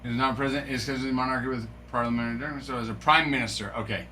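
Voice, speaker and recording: Bright clear guy rambling on a live stream, faint hum behind, just chatting with chat. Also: mid-range voice, fairly even intonation, rapid-fire. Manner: chatty, musing aloud, reads from a screen, stumbles over French names. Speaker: card break streamer.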